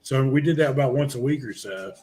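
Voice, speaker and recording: Brisk and dark-toned at a medium pitch, this middle-aged guest on a barbecue podcast spins lengthy, laid-back anecdotes, rambling along with lots of fillers and restarts.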